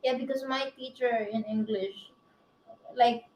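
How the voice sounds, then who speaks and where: A woman drops in short, playful remarks during a relaxed chat. Her voice sits a little high, and it echoes in a roomy space. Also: measured pace. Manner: brief playful interjections. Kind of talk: casual chat. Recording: roomy echo.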